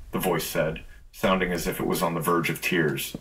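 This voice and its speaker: Male narrator for a scripted horror read, low register, measured and tense. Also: flat delivery, background noise.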